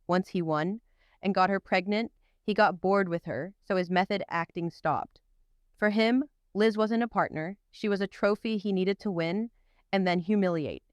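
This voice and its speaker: A woman's voice: mid-range voice, clear, resonant tone, dry recording. A woman hosting a commentary video, reading a scripted narration with emphatic, punchy delivery and rhetorical questions.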